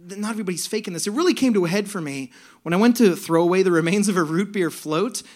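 A man's voice: sits high, expressive, fast. A man telling a comic story on a live stage, sardonic, with bursts of mock outrage. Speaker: storyteller performer. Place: stage before a laughing audience.

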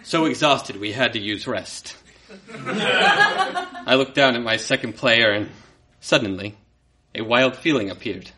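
A man reading a comic story aloud to a live audience in a mock-dramatic storytelling manner, with pointed pauses. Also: mid-range voice, sing-song, bright, forceful tone.

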